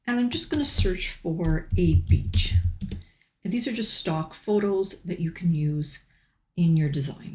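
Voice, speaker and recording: A middle-aged woman walks through a software tutorial at a slow, deliberate pace, pausing on ums between steps. Her voice sits a little low. The recording has a roomy echo. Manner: unhurried, step-by-step with frequent ums.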